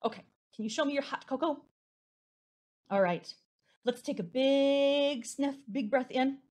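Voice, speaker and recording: A young woman leading a preschool storytime, with a sing-song, encouraging, slow and exaggerated delivery for small children. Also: high-pitched, a little mellow. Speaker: children's librarian.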